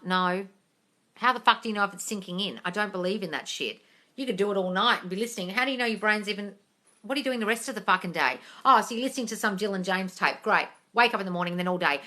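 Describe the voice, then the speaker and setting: A bright-toned young woman chats through a live Q&A with blunt, profane advice. Her pitch leaps widely and she bursts into loud excitement without warning. She keeps addressing her viewers as darling. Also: fast talker. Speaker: livestream host answering viewer questions. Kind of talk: casual live Q&A chat.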